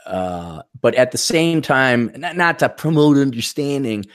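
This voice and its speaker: A man's voice: mid-range voice, expressive, a little slow. A man hosting a casual talk show on a video call, rambling loosely with lots of fillers and restarts. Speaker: podcast host. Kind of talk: casual chat.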